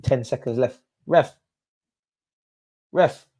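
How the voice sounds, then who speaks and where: A young man hosting a live football watch-along, swinging between low muttering and yelling at the referee. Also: slow pace. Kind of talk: live match reaction.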